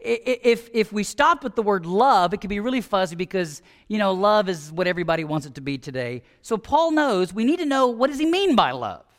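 A male pastor preaching a sermon, emphatic and animated, at times dropping to soft, hushed asides. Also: high-pitched, brisk, few pauses.

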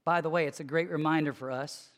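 A preacher delivering a conversational sermon, emphatic, swinging from lively to hushed. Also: medium pitch, fast talker. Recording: long hall reverb.

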